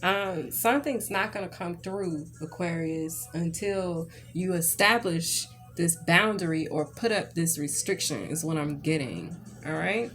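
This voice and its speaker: Faint music plays behind a tarot reader whose voice is on the low side and fairly bright. Unhurried yet barely pausing, she tells a rambling, ranting story in a casual reading, asking "okay?" again and again.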